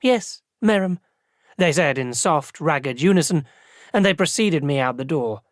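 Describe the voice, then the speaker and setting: An audiobook narrator reading first-person fantasy narration in a measured, formal way. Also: mid-range voice, animated, no room sound. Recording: dry close studio recording.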